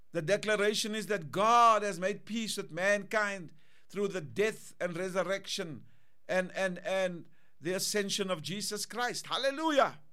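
Male pastor, high voice, clear and smooth, fervent repeated declarations in a sermon. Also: pushed and bright.

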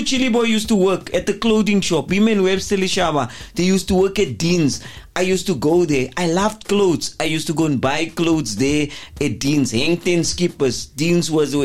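An older man, talking as a football pundit in an emphatic, rambling way with lots of repeated words. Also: a little high. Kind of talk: studio discussion.

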